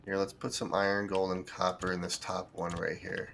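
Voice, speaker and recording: A man streaming a building game, thinking aloud in relaxed commentary as he sorts items and plans what to build. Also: deep voice, moderate pace, vocal fry, slight background noise. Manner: thinks aloud, with fillers and restarts. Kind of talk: casual gameplay commentary.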